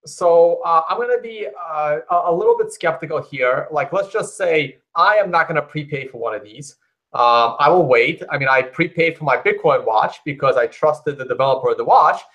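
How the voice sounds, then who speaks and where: A man on a live panel show talking through his camera mic, in a measured, doubting way. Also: on the high side, lively intonation, fairly bright tone. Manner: skeptical, measured, asks for proof. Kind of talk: casual crypto panel talk. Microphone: camera mic on a call.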